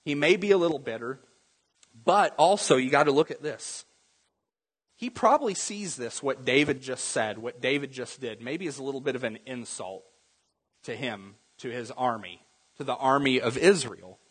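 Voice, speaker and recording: Husky preacher in a echoing church. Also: male voice, medium pitch, moderate pace. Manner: conversational, acts out Bible scenes in voices. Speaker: pastor. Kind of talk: sermon.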